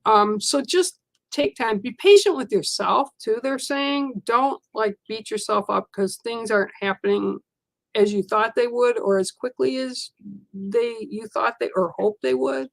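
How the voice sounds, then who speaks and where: Female card reader with a fry-edged voice, soothing and meandering, dry close sound. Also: fairly high pitch, unhurried, no room sound. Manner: gentle, reassuring, rambling. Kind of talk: live oracle card reading.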